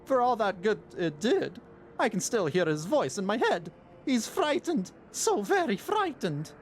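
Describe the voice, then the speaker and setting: A man's voice: sits high, sing-song, measured pace, a little hiss or hum, voice pushed up. A man voicing a frightened male voidsent demon in a put-on Italian accent, talking with panicky urgency.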